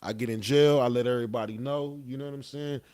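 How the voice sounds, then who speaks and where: A young man tells a story in relaxed podcast chat. His voice sits in an ordinary middle range. He talks loosely and profanely, and keeps tossing in "you know what I'm saying.". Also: mid-range voice, fast talker, smooth. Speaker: podcast guest. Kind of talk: casual storytelling.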